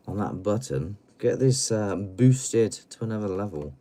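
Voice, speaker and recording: Giggly late-night streamer man, husky. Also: on the low side, big pitch swings, unhurried, hardly any pauses. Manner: rambling, giggly, playful, jumps between loud and mumbling. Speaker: livestream host.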